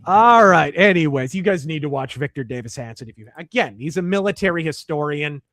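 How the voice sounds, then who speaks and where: A man's voice: a little high, expressive, brisk, fairly bright tone, dry recording, clean studio sound. A man hosting a livestream, reading chat and articles aloud and answering in a blunt, profane, wry way. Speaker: streamer host.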